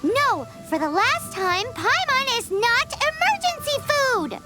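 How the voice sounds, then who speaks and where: A woman voicing a tiny, excitable female fairy companion in a video game, chirpy and easily indignant. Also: very high voice, slow, over loud music, heavily acted. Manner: indignant and chirpy, refers to herself by name. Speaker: game character.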